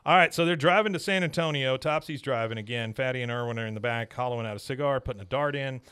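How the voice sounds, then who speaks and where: A man hosting a podcast, giving a casual, animated scene-by-scene recap of an episode. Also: medium pitch, fast talker, smooth. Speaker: podcast host.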